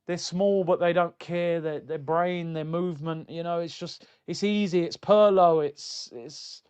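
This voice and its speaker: A middle-aged man hosting a casual football fan live stream, reading viewer comments in an animated, mocking way. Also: unhurried, smooth. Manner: animated, mocking, jumps into high exclaims.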